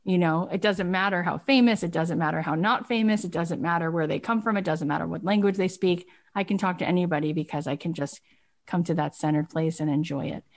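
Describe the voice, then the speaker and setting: A woman's voice: lowish voice, a little fast. A woman coaching a guest in casual motivational talk, emphatic and full of "right?" and "like".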